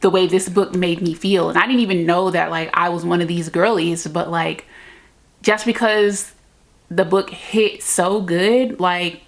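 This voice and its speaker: A woman's voice: fairly low pitch, fairly even intonation, unhurried. A woman chatting casually in a book vlog, effusive and gushing, full of "like" fillers. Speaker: book vlogger. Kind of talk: casual reading vlog chat.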